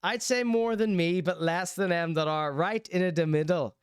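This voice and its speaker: Irish man, young, livestream host, teasing banter, slightly high voice, smooth clear tone, dry close sound. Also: normal speed, dry recording. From Ireland. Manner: jokey, teasing, rambling banter. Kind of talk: live-streamed chat show, reading chat.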